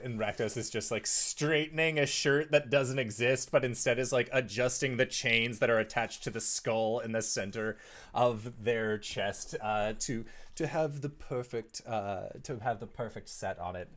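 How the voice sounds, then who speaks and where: A man narrating as game master of a tabletop game, relaxed and descriptive with frequent pauses. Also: mid-range voice.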